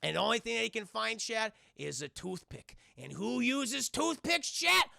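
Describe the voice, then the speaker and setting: This young man has a very high, gravelly voice at normal speed, recorded dry in a clean studio. He reviews cartoons, recapping an episode to a live chat in a loose, animated way. He swears a lot and keeps calling out to the chat.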